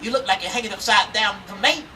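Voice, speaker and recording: Woman doing a big slow-witted bear, puzzled, bright voice heard from afar. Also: mid-range voice, lightly acted. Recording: outdoor, mic far off, faint noise.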